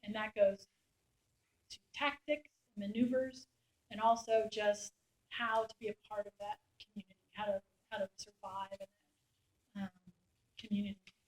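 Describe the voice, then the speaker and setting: A middle-aged woman, a war reporter, telling lively anecdotes to a class and acting out the soldiers' lines. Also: mid-range voice, moderate pace, long pauses. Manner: animated anecdote-telling, acts out quoted soldiers. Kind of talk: storytelling talk. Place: lecture room. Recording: echoey room.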